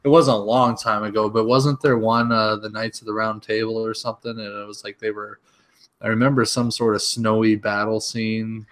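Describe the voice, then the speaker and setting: A young man co-hosting a podcast, easygoing, running through topics with pauses. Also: lowish voice, little pitch movement, a bit bright. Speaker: podcast co-host. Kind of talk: casual chat.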